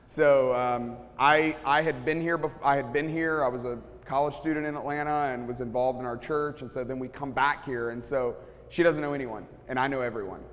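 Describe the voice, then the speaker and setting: A pastor speaking casually to a live audience, telling stories and acting out what people said, with many restarts. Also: male voice, medium pitch, fairly even intonation, brisk, a bit bright. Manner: storytelling, acts out quotes, many restarts. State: sweating, feels hot. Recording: long hall reverb.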